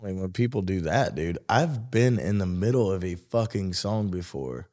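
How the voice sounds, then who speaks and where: A man's voice: deep voice, lively intonation, normal speed, mellow. A man, co-hosting a casual podcast, talking bluntly and profanely about life as a musician. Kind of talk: casual chat.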